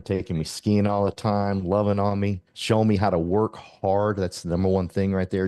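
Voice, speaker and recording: Effusive deep-voiced man hyping his guest. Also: mellow, no room sound, studio quality. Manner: effusive, emphatic hype talk. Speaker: host of a partners call. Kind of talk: casual motivational chat.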